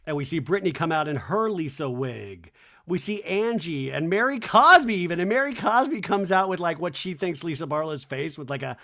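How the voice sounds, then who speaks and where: Rambling man podcaster, slightly high. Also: very animated, moderate pace, pushed and bright. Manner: rambling, filler-heavy, wry asides. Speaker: podcast host. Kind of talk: casual recap commentary.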